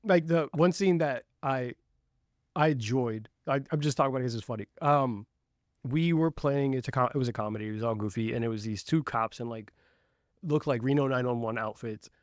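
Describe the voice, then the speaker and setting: A man hosting a casual podcast interview, telling stories in an animated way with frequent laughter. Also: mid-range voice, a little fast, no echo, clean studio sound. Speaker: podcast host.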